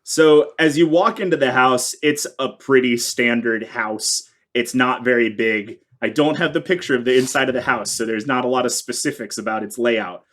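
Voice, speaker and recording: A man running a tabletop game as game master, describing scenes in a relaxed, easygoing way. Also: mid-range voice, moderate pace, few pauses.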